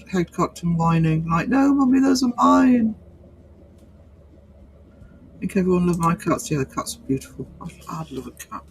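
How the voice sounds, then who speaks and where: A man's voice: on the high side, slight background noise, low-quality recording. A man hosting a livestream, chatting casually through viewer comments with many fillers and restarts. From North East England. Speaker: livestream host.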